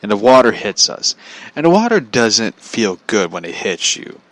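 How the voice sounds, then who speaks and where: A man's voice: fairly low pitch, sing-song, normal speed, heavy background noise. Profane, exasperated man telling a story. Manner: profane, exasperated, laughs often. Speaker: vlogger. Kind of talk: comedic storytelling.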